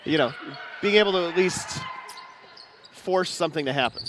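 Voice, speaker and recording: A man's voice: fairly high pitch, moderate pace, noisy background. A man in his forties working as color analyst on a basketball broadcast, chatty and self-deprecating. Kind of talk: live basketball commentary.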